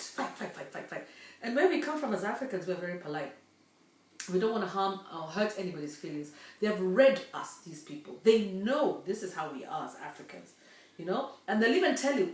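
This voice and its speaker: A woman's voice: medium pitch, very animated, fairly quick. Chatty woman in her fifties, roomy distant sound. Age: 50s. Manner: earnest, chatty, with many fillers. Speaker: vlogger. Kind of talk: casual monologue. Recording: roomy echo, distant mic.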